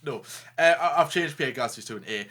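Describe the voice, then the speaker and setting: A man co-hosting a casual racing talk show, joking, animated and stumbling over restarts. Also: on the high side, fairly quick, background noise. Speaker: co-host. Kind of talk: casual chat.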